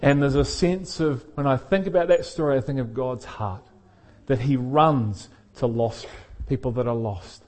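A man's voice: mid-range voice, moderate pace. Liverpudlian man telling a sermon story. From England. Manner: storytelling, animated, laughs often. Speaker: pastor.

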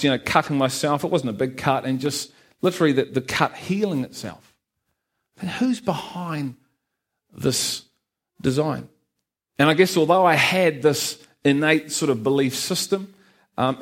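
A middle-aged man with a softened Liverpool accent, giving his personal testimony to a church congregation in an earnest, conversational way, with many fillers and a light joke now and then. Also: mid-range voice. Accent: Liverpool (Scouse), softened by New Zealand. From Liverpool, England. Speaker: guest speaker giving testimony. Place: church hall with a live congregation.

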